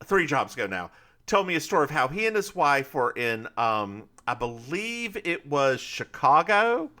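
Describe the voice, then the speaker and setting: A man co-hosting a podcast, chatting casually and laughing as he recaps a TV episode. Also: on the high side. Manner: animated, laughing, quick asides. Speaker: podcast co-host.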